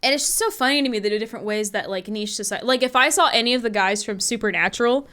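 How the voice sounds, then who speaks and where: A woman co-hosting a chatty podcast, her voice sitting a little high for a woman. She tells stories with lively energy and drops swear words freely. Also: fast talker, clean tone. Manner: swears often, animated storytelling. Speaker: podcast co-host. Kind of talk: casual chat.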